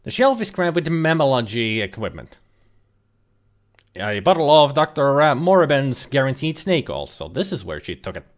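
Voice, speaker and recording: A man's voice: mid-range voice, very animated, normal speed. Guy reading out a point and click game, dry little jokes, voice goes up and down a lot. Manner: dry joking asides between read-out game lines. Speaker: let's play host. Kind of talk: reading game text aloud with commentary.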